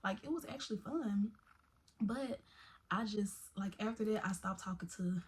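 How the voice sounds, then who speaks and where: A young woman telling a personal story in a casual, animated vlog style, full of slang and asides. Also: medium pitch, normal speed. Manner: chatty, animated, Southern-tinged slang like "baby" and "y'all".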